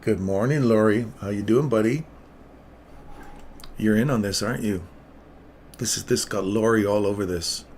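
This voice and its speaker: Gravelly man calling live trades. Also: on the low side, moderate pace, long pauses, a little hiss or hum. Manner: playful, teasing, excitable calls. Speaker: live-stream trading host. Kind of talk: live trading commentary.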